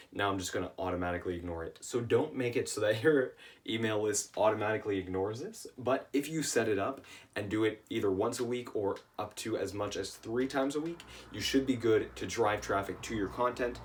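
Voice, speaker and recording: A man's voice: on the low side, far from the mic. A tired man with a worn voice, teaching email marketing in a casual lesson, often checking in with "right?". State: tired, voice shot.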